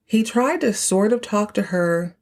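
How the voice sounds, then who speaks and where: A woman podcast host giving a chatty, animated recap of a TV episode and acting out the characters' lines. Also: mid-range voice, measured pace.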